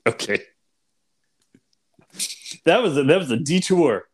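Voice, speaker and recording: Podcast co-host, male, casual and jokey, somewhat high voice with very lively pitch. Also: slow pace, breathy edge. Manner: animated, joking, emphatic repetition. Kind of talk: casual chat.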